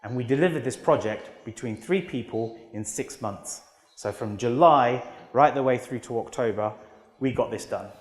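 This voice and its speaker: A British man in his thirties giving an energetic motivational keynote in a large auditorium, telling stories with acted-out quotes. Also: medium pitch, normal speed. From United Kingdom. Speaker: motivational speaker. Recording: long hall reverb.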